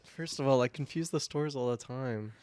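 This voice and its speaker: A man's voice: medium pitch, moderate pace, a little mellow, clean tone, dry recording, studio quality. A man co-hosting a podcast, dropping short wry remarks in casual chat. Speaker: podcast co-host.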